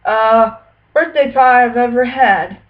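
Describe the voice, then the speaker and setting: Kind mother frog, fond and gentle, voiced by a woman; lo-fi recording. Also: on the high side, slow pace.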